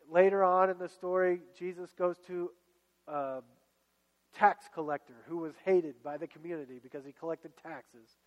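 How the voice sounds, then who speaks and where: A pastor preaching a sermon to his congregation in a fairly high voice. He speaks in an exhorting way and circles back to repeat his key phrases. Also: fairly even intonation, moderate pace, long reverb tail, lo-fi sound. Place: church.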